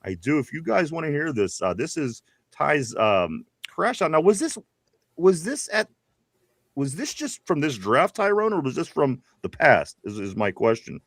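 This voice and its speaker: Laughing, rambling Pittsburgh co-host. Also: male voice, on the high side, big pitch swings, moderate pace, fairly bright tone, no echo, clean studio sound. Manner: laughing, rambling, reads viewer messages. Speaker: podcast co-host. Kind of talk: casual live-stream chat.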